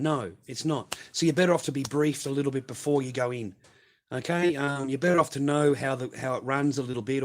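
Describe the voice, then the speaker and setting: A middle-aged man with an Australian accent, hosting a casual livestream and answering viewers in a blunt, profane, rambling way. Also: mid-range voice. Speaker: livestream host reading viewer messages.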